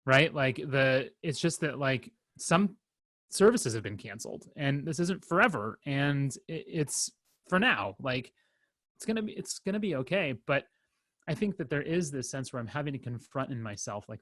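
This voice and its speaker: A young man co-hosting a podcast, talking in a rambling, halting way with lots of fillers and restarts and some wry self-deprecating humor. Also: medium pitch, lively intonation, a bit bright, dry recording. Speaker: podcast co-host. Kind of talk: casual chat.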